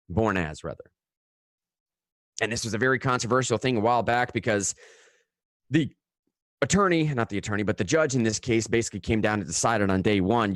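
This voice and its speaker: Casual, animated male radio host. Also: medium pitch, no room sound, clean studio sound. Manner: casual and animated, frequent "dude" and "man", restarts when worked up. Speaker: radio news show host. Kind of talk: live talk radio commentary. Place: radio studio.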